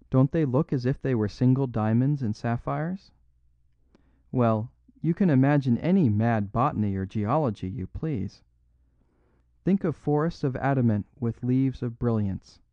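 A man reading the part of a small, mild older priest who reasons patiently and insists softly, on a dry, slightly dull recording. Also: mid-range voice, no echo.

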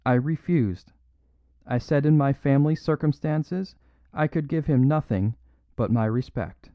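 A man voicing a courageous young noblewoman speaking in a clear, quivering voice. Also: fairly high pitch, a little slow, no room sound, lo-fi sound, pitched above the performer's own voice, lightly acted. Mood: earnest.

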